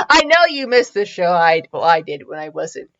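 A woman's voice: fairly low pitch, very animated, unhurried, a bit bright, no echo, highs cut off. A woman podcast host reading fanfiction aloud with giggly, rambling, self-mocking comedic asides. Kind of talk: comedic commentary and story reading.

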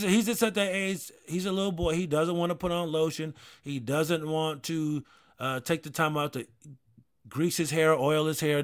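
A man in his thirties hosting a casual talk show, rambling with many restarts and frequent swearing. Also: on the high side. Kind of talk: casual chat.

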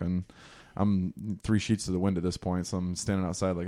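A man's voice: deep voice, fairly even intonation, a little fast, darkish tone. A young man casually telling a rambling, profane, self-deprecating story in a podcast chat.

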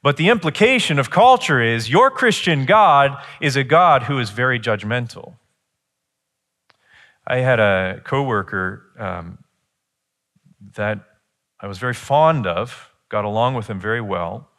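Middle-aged guy preaching, earnest teacher vibe, gets higher and punchier on his big points. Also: expressive, unhurried, sharp tone. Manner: earnest teaching tone, rises in pitch and force when pressing a point. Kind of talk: sermon.

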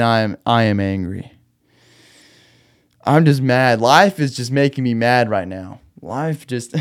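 A man hosting a solo late-night podcast, venting in a rambling, restless way and laughing through his anger. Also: mid-range voice. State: agitated, wound up. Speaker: podcast host. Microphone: podcast microphone.

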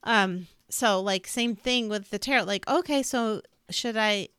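A woman's voice: medium pitch, measured pace, fairly bright tone, clean tone, no room sound, clean studio sound. A woman co-hosting a podcast, talking in a chatty, loose way full of little asides. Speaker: podcast co-host. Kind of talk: casual spiritual chat.

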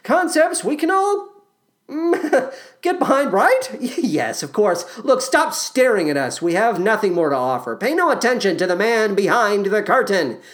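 A woman's voice: mid-range voice, very animated, a little slow. A woman hosting a podcast and giving commentary on a musical, with a dry, sardonic manner. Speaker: podcast host.

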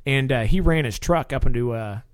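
A man's voice: mid-range voice, moderate pace, clean tone, no echo. A man, a police officer, telling stories in casual chat and acting out the people in them. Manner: animated storyteller acting out quotes.

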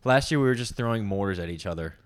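A man's voice: fairly low pitch, lively intonation, fast talker, clean tone. A young man co-hosting a podcast, telling loose, profane stories and laughing often in casual chat. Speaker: podcast co-host.

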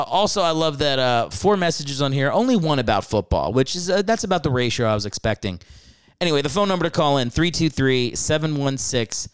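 A young man riffs through a comedic solo podcast in an irreverent, rambling way, swearing freely. His voice swings up and down a lot and stays smooth and clear. The mic is close and the sound is dry. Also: medium pitch, no room sound. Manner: irreverent, rambling, profane asides. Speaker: podcast host.

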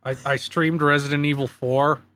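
Bright-voiced man on a podcast. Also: a little high, flat delivery, moderate pace, no room sound, studio quality. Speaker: podcast co-host, streamer. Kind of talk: casual podcast chat.

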